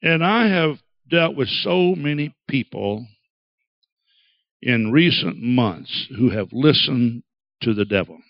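A man preaching a sermon, dramatic and acting out quoted voices with big swings in pitch. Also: lively intonation, slow pace, no room sound, dull audio. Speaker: pastor.

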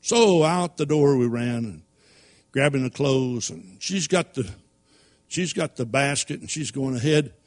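Animated storytelling preacher man. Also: mid-range voice, measured pace. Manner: animated, folksy storytelling, laughs at his own stories. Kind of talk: sermon storytelling.

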